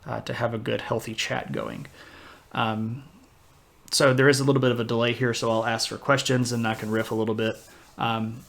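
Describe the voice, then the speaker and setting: A man's voice: mid-range voice, fairly bright tone. A man giving a casual livestreamed history lecture, conversational and digressive, with self-deprecating asides.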